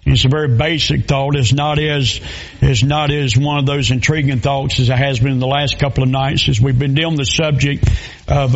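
A pastor, preaching a sermon in a folksy storytelling way with plain dialect grammar. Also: male voice, on the high side, dull audio. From Southern US.

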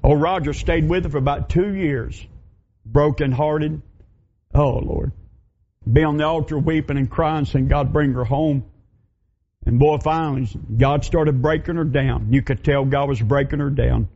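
Folksy preacher man, slightly high voice. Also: unhurried, dark tone, slight background noise. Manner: folksy storytelling, acts out quoted voices. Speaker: pastor. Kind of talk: sermon. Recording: dull lo-fi sound.

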